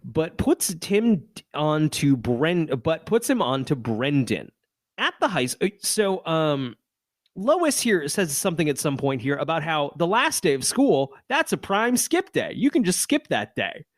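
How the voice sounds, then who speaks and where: A man's voice: fairly high pitch, very animated, measured pace, dry recording. A man co-hosting a podcast, recapping a TV episode in casual chat with sarcastic jokes and frequent laughs. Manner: joking, rambling, sarcastic asides with laughs. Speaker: podcast co-host.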